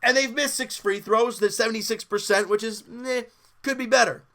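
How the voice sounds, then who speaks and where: A man's voice: very high voice, a little fast, bright, forceful tone. A man hosting a sports podcast, candidly and exasperatedly breaking down a live basketball game like a fan. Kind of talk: casual live game commentary.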